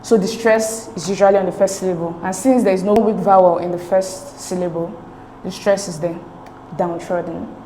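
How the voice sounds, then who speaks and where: A woman tutor with a fairly low voice talks through exam answers patiently, one step at a time. The room around her is echoey, and a faint hiss sits under her speech. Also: steady tone, normal speed, mellow. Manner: patient, step-by-step, checks with "okay?".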